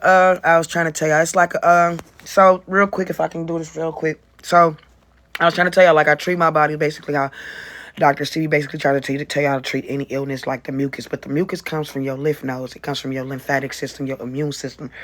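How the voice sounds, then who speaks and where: A livestreamer chatting casually to viewers, rambling and profane, with quick self-interrupting explanations. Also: mid-range voice, fairly bright tone.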